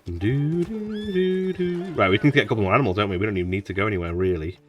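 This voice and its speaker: A man's voice: sits low, racing, distant mic, dull audio, faint music behind. A man casually commenting on his playthrough as a gaming streamer, chatty with mumbled asides. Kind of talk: casual let's-play commentary.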